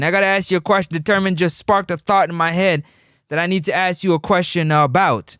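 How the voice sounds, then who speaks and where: A man hosting a live call-in football show, teasing and animated in his street slang. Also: sits high, fairly quick, clear, resonant tone, no echo, clean studio sound. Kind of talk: casual live sports talk.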